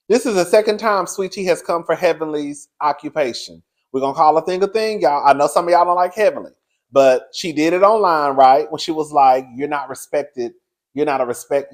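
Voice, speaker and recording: A man giving casual commentary on a reality show, sassy and frank, laughing often, with big swoops in pitch. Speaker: reality TV reviewer.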